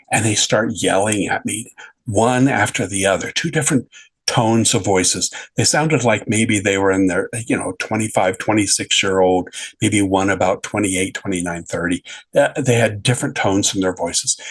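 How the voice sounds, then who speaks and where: A middle-aged man, a podcast guest, telling a personal story in a halting way, often repeating and correcting his words. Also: on the low side, breathy edge, poor audio.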